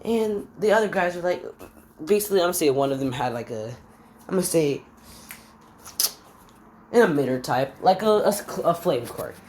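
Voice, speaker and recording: A woman improvising a fan story out loud, rambling, stopping on fillers and forgetting names as she goes. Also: lowish voice, animated, moderate pace, long pauses, a little hiss or hum.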